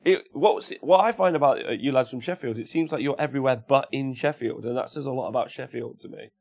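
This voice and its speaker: He talks fast, with a medium-pitched, slightly mellow voice and vocal fry, in the English Midlands accent of his hometown, Cannock. Hosting a casual livestream, he reads out viewers' messages and answers them with jokes.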